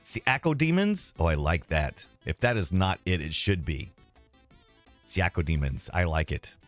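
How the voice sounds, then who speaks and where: A man's voice: extremely low pitch, steady tone, unhurried, soft background music. A man streaming retro games, rambling casually and self-deprecatingly as he reads and answers his chat.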